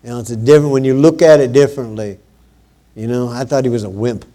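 A man preaching a sermon in a conversational way, with many pauses, growing louder and higher when he quotes scripture. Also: steady tone.

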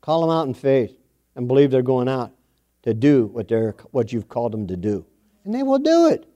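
A man's voice: mid-range voice, moderate pace, warm tone, highs cut off. A middle-aged man preaching a sermon, telling a homespun family story with a folksy, repetitive style. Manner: folksy storytelling, repeats phrases for emphasis.

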